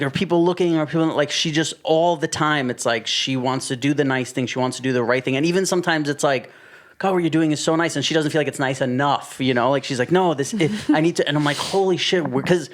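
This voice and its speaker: A man's voice: a little high, quick pace. A man in his thirties talking bluntly and animatedly as a podcast guest, swearing freely. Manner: blunt, profane, animated storytelling. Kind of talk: casual chat.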